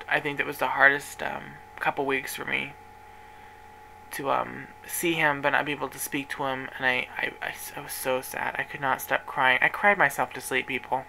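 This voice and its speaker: Emotional young man, bright tone. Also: medium pitch, creaky, slight background noise, rough recording. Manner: emotional, rambling, with restarts. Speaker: vlogger. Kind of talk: casual personal storytelling.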